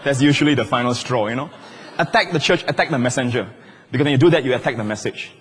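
A male pastor preaching a sermon in a large church hall, emphatic and shouting at the high points, with wide swings in pitch. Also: fast talker, slight background noise. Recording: long church-hall reverb.

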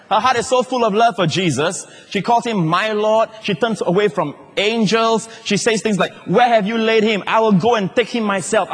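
Middle-aged male pastor, joking and animated sermon, husky voice a little high, reverberant hall. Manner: animated, humorous preaching with laughter.

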